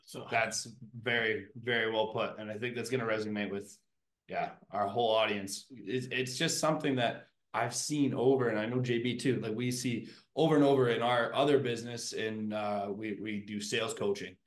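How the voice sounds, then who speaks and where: A man hosting a podcast, chatting casually and telling stories with animated asides. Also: fairly low pitch, moderate pace. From Canada. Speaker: podcast host. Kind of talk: casual interview chat. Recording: roomy echo.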